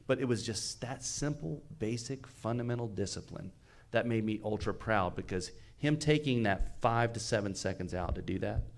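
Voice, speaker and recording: Recorded live at a fire expo, a fire battalion chief tells a rescue story in casual podcast chat. His fairly low voice moves at a moderate pace, earnest and emphatic, though he often stumbles and repeats words.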